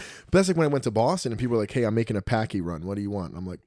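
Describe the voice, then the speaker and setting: Lively low-voiced host from New Jersey. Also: male voice, very fast, no room sound, clean studio sound. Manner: animated storyteller, acts out quotes, swears. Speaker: podcast host. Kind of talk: casual chat.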